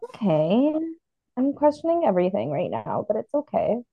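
A woman's voice: medium pitch, moderate pace, slightly rough, dry recording, phone-quality sound. A woman chatting casually with a friend as a podcast co-host, blunt and profane in her talk. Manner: blunt, swears a lot, animated.

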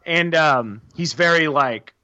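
Male co-host, halting explainer full of ums, dry muffled lo-fi recording. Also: fairly high pitch, bright, forceful tone, no room sound. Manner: halting, filler-heavy, explanatory. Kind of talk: casual film discussion. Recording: dull lo-fi dry sound.

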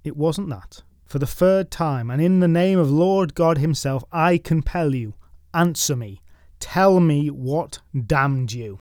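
A man voicing a stern, calm male priest who speaks slowly and gravely as he commands a ghost. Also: a little high, no room sound, studio quality, close to an everyday voice.

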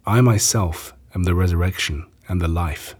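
A man reading the words of Jesus in a measured, gentle way. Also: low-pitched, husky. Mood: calm. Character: Jesus, calm grown male teacher.

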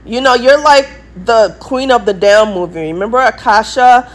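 A woman's voice: fairly high pitch, normal speed, few pauses. Insistent rambling woman with an English accent. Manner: emphatic, repetitive, insistent. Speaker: vlogger. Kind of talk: rambling monologue to camera.

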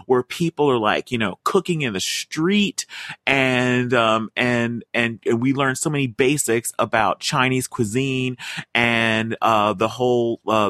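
A man's voice: mid-range voice, fairly bright tone, no echo, studio quality. A man hosting a casual chat, talking with many fillers and restarts. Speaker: podcast host.

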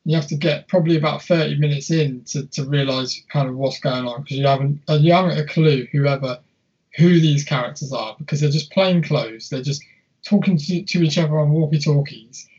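A man's voice: on the high side, a little fast, darkish tone, breathy edge, lo-fi sound. A young man co-hosting a casual film chat, rambling and swearing freely with many restarts. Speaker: podcast co-host.

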